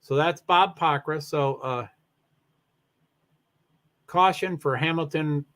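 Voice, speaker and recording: A man's slightly high voice, worn out and yawning, talks alone to his livestream viewers from a desk mic. He rambles and breaks off his own sentences, padding them with fillers as he chats about the races. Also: slow, fairly bright tone. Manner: rambling, self-interrupting with fillers. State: very tired, yawning. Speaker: live streamer. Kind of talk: casual solo livestream chat about racing.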